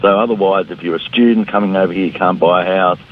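A man's voice: sits low, fast, slight background noise. A middle-aged Australian man, a politician giving a blunt, combative radio interview. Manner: blunt, combative, mimics opponents. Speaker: politician guest. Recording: phone-line interview audio.

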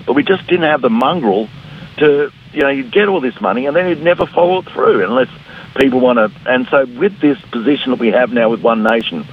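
Heard over phone-line interview audio, this middle-aged Australian man is a politician guest with a mid-range, husky voice, lively intonation and a slightly fast pace. His manner is blunt and combative, and he mimics opponents.

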